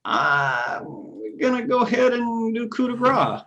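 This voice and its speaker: A man's voice: very high-pitched, measured pace, dull audio. Laid-back man tallying dice rolls. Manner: relaxed, talks through dice math with fillers. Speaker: player. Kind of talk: casual tabletop play.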